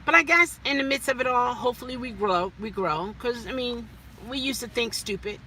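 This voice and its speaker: A woman talking casually in a parked car, telling stories in an animated, chatty way with plenty of fillers. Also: a little high, brisk, a little hiss or hum. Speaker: rideshare driver and vlogger. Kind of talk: casual chat.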